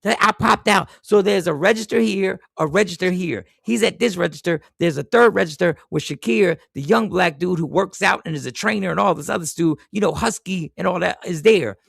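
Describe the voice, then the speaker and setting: Speaking a little fast with hardly any pauses, this podcast host has a high, gravelly, husky voice in clean studio sound without room sound. He tells a work story in profane, casual chat, animating it by acting out quoted voices.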